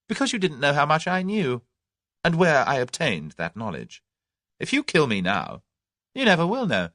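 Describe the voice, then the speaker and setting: A man's voice: on the high side, huge pitch swings, moderate pace, pushed and bright, no echo, clean studio sound, pitched above the performer's own voice, exaggerated voice. A man voicing a brash young Englishman who keeps airy and confident under threat. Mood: bold.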